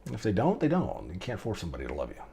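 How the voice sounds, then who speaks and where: A middle-aged father talking to camera in a low voice with a lot of rise and fall. He rambles a little and gets emotional while passing on life advice to his daughters. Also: huge pitch swings, very fast, gravelly, mellow, a little hiss or hum. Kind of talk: heartfelt vlog monologue to camera.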